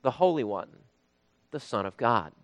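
A man preaching a sermon, emphatic, rising to loud bursts when he quotes. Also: medium pitch, very animated, normal speed, dry recording, big-room sound. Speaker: pastor.

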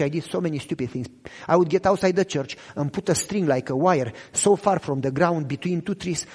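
In a large hall, a man with children preaches a sermon in English, which is not his first language. His voice sits on the high side with a breathy edge as he earnestly shares his own testimony, often checking whether listeners follow him.

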